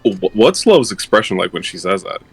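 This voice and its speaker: A man's voice: deep voice, sing-song, moderate pace, breathy edge, no room sound, low-quality recording. A man playing a tabletop game, talking casually, rambling and swearing. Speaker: player. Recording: faint music behind.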